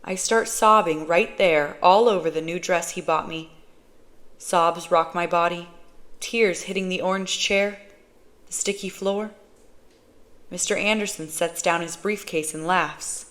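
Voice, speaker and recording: Audiobook reader, female, unhurried first-person narration. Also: fairly low pitch, fairly even intonation, fairly bright tone. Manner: slow, measured reading.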